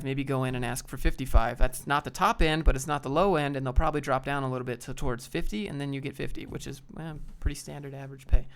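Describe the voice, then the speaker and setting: A man's voice: mid-range voice, a bit bright, smooth. A man on a live stream, casually reading chat and giving laid-back, rambling career advice. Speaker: streamer answering viewer chat.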